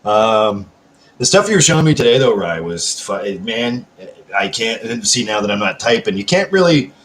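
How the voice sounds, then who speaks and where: A man's voice: fairly low pitch, big pitch swings, normal speed, a bit bright, a little hiss or hum. A man hosting a live stream at home, chatting casually with viewers, rambling and swearing constantly while answering chat messages. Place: at home, seated.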